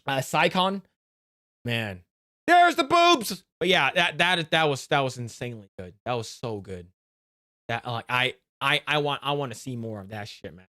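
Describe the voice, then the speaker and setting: A man streaming live, reacting to a video in a casual, excitable way, swearing often and restarting his sentences. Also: medium pitch, normal speed, no echo, clean studio sound.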